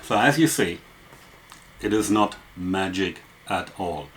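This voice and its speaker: A man's voice: low voice, expressive, slow, slight background noise. A man walking through a photography and photo-editing tutorial step by step, explaining as he goes with frequent fillers. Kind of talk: screen-recorded software tutorial.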